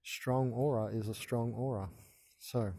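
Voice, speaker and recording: A man in his thirties runs his own channel and speaks casually to camera in a meandering, hesitant monologue peppered with stammers and restarts. His voice is medium in pitch and dark in tone, a little slow with fairly even intonation, and the recording has no echo.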